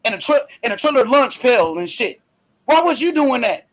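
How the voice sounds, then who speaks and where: Very high-voiced man talking trash. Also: big pitch swings, moderate pace. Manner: loud, profane trash talk. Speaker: host. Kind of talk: casual boxing talk stream.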